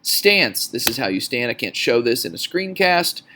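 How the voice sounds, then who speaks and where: A middle-aged male teacher giving a recorded screencast lecture to his students, brisk and plainspoken, sometimes correcting himself mid-sentence. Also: mid-range voice, big pitch swings, sharp tone.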